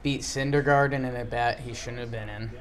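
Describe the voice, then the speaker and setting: A man hosting a casual watch-along chat about a ballgame, animated and excitable. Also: mid-range voice, fairly quick. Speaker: host. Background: game broadcast crowd.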